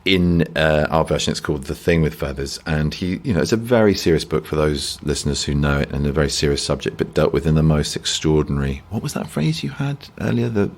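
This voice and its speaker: A man's voice: a bass voice, lively intonation, fairly quick, gravelly, hardly any pauses. A man, an actor as a guest, talking reflectively and self-deprecatingly in a rambling interview, often restarting sentences.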